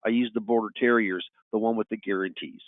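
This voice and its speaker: A man's voice: on the low side, steady tone, quick pace, dry recording. A middle-aged man coaching salespeople on a webinar, telling client stories in a folksy way and often asking "you know what?". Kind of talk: webinar talk with client anecdotes. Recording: tinny phone-line audio, dry.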